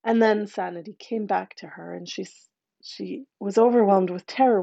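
A woman narrates a grim folk tale in a mellow, warm voice, breaking off for chatty asides to her listeners. The recording is dry and a little dull in tone. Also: medium pitch, moderate pace, vocal fry, no echo. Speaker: storyteller. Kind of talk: oral fairy-tale storytelling with asides.

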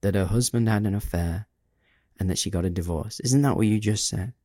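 A man voicing a frightened, confused woman teacher who insists shakily on what she heard, higher than his own voice. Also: brisk, dark tone, no room sound, clean studio sound. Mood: confused, insistent. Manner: trembling yet insistent.

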